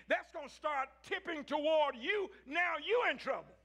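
A man preaching a sermon, swinging between shouted peaks and low, quiet stretches. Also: animated, measured pace, few pauses. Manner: rising to shouts, then dropping low.

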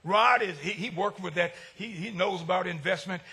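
A male pastor preaching a sermon, swinging between shouted lines and hushed ones. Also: high-pitched, normal speed, vocal fry, husky.

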